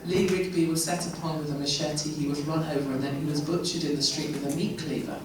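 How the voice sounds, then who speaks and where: A woman from England with an English accent, giving a chatty, animated Q&A talk to a live audience with laughing asides. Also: low-pitched, fast, background noise. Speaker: guest speaker. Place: event hall. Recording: echoey hall, mic far off.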